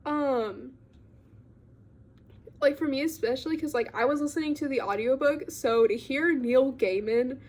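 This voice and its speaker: A woman's voice: high voice, unhurried, a little mellow. A young woman casually recapping a book she read, rambling with lots of fillers and giggly asides. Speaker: book vlogger.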